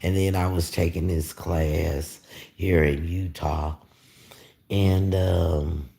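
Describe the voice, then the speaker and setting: A man with an extremely deep voice talks to viewers on a livestream. He speaks slowly and wanders from point to point, full of fillers and blunt profanity. It sounds like loose, unscripted live chat. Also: fairly even intonation, creaky, warm tone. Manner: rambling, profane, meandering with many fillers. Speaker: YouTuber on a livestream. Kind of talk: casual live-stream chat.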